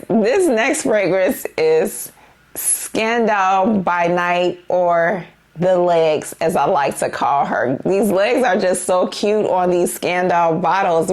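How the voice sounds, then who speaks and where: A woman's voice: lowish voice, a little mellow. A woman chatting casually to camera as a perfume vlogger, gushing and saying you guys and y'all.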